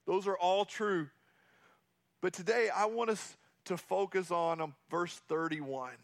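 A man's voice: sits high, measured pace, creaky. A man preaching a sermon as a pastor, earnest and repeating key phrases for emphasis.

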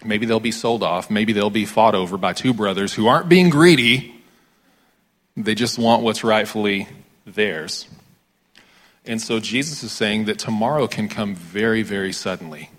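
A man's voice: lowish voice, moderate pace, a bit bright. A man with an American accent, a pastor giving a conversational sermon with dramatic readings of scripture.

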